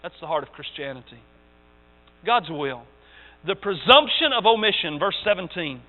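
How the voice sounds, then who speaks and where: A male pastor preaches in a high, very animated voice that leaps between emphatic peaks and quiet asides. The recording is tinny and phone-like. It has a long church reverb and a mains hum underneath. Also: moderate pace. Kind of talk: sermon. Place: church sanctuary.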